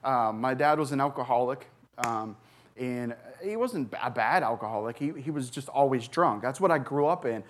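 A man in his forties, a recovery pastor, telling his personal story from a church stage, earnest and halting with many fillers and restarts. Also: mid-range voice, animated, a little hiss or hum. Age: 40s.

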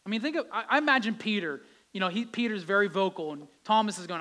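A man's voice: high-pitched, expressive, fast talker, bright, forceful tone. A male pastor giving a conversational sermon, his voice rising with emphasis at key points.

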